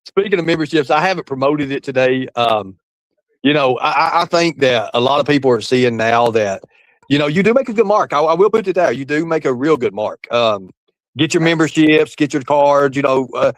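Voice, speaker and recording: A fairly high-voiced man hosts a livestream with loud showman energy and plenty of cursing. His voice comes across close and dry, with little room sound around it. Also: lively intonation, brisk, no room sound, low-quality recording. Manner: hyped showman, swears freely. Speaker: livestream host. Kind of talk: casual livestream chat.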